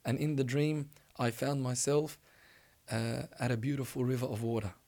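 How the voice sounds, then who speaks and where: A man's voice: medium pitch, steady tone, moderate pace, warm tone, lightly acted. A man voicing an eager, devout teenage boy who speaks earnestly and with fervor. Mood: awed. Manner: earnest, fervent.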